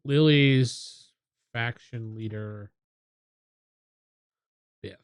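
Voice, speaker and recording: A man's voice: medium pitch, very slow, clear, resonant tone, no echo, studio quality. A man playing a tabletop game with a friend, thinking aloud as he works out rulings. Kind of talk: casual tabletop game play.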